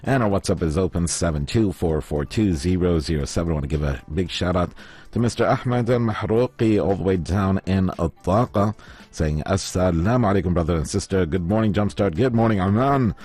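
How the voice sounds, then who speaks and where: This live morning radio host is a man whose deep, darkish voice is fairly quick and slightly rough, with a slight lisp. Over a studio microphone he chats casually and reads out what listeners have sent in.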